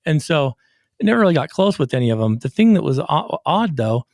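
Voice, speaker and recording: Animated man telling family stories. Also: on the high side, fairly quick, vocal fry, dry recording, clean studio sound. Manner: animated storyteller, acts out quotes. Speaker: podcast host and recovery coach. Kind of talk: casual conversational interview.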